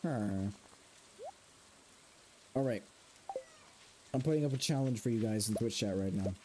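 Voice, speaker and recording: A man's voice: medium pitch, fast talker. A young man streaming a farming game, chatting casually with his chat and playfully repeating a grunting villager noise. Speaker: gaming streamer. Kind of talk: casual live-stream chat while gaming.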